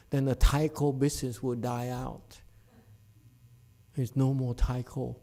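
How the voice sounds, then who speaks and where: Unhurried middle-aged man teaching Buddhism, dark-toned and blunt, ribs his audience with a laugh. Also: medium pitch, level tone. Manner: frank and scolding, teases listeners by name, laughs often. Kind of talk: dharma talk to a live audience.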